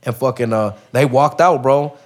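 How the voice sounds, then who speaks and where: A man guesting on a podcast, telling a story in casual, profane street slang, with lots of "bro" and lively acted-out lines. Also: mid-range voice, moderate pace. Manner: acts out other people's lines in raised voices.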